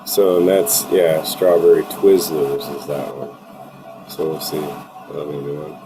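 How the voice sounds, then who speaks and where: A man's voice: rumbling low, little pitch movement, unhurried, noisy background. A man telling offhand stories in a casual group chat. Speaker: home grower guest.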